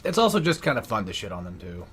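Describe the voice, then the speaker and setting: A man's voice: on the low side, very animated, fast talker, fairly bright tone, husky. A young man giving casual, rambling gameplay commentary, sarcastic and swearing often. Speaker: gaming YouTuber.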